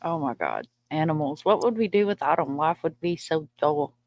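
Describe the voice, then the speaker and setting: A woman's voice: low-pitched, expressive, moderate pace, darkish tone, slight background noise. A woman hosting a livestream, chatting casually and laughing often. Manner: chatty, laughs often, baby-talks her dogs. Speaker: livestream host. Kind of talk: casual chat.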